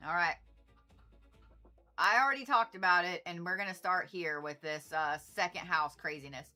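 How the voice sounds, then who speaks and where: A woman's voice: fairly low pitch, normal speed, sharp tone, faint music behind. A middle-aged woman hosting an astrology livestream, talking in a chatty, rambling way with frequent swearing and laughing asides. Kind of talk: casual livestream chat.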